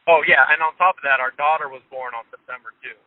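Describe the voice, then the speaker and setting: Man on a phone line, casual storyteller, mid-pitched, dry sound, laughs a lot. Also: fast talker, no echo. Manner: chatty, laughs often, acts out quotes. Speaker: interview guest.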